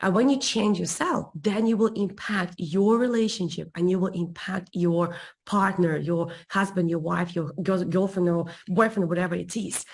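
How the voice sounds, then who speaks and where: Husky woman telling an animated story. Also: on the low side, moderate pace. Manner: expressive, emphatic repetition, laughs easily. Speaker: guest relationship coach.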